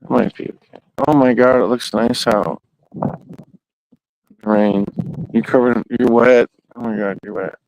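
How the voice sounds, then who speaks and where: Slow-talking crude man, casual vlog. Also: mid-range voice, steady tone, a little mellow, a little hiss or hum, low-quality recording. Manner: loose, crude, talks to himself and his cat. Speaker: vlogger. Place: outdoors in the rain and at home.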